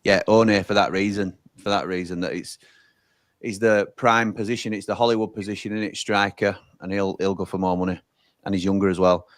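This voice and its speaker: Low-voiced man, chatty football talk. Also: steady tone, fairly quick. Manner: chatty, reads out viewer messages. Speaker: watch-along co-host. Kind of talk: casual football chat reading viewer comments.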